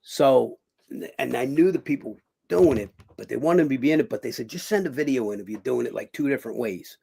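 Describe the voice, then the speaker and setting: Rambling gravelly man telling stories. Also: mid-range voice, animated, fairly quick, dark tone. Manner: rambling storyteller, many fillers and restarts, swears casually. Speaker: guest, actor and former boxer. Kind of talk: casual interview chat.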